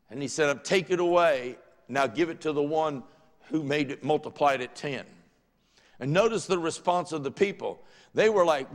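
A man's voice: on the high side, moderate pace. A man with a Southern US accent preaching a sermon, reading scripture aloud and then explaining it in plain words. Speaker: pastor. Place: church sanctuary. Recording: church audio with long hall reverb.

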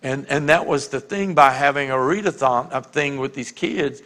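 A man preaching a conversational sermon as a pastor, often repeating words and slowing down to read scripture with emphasis. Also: medium pitch, a bit bright. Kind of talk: sermon teaching. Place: church sanctuary. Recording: long hall reverb.

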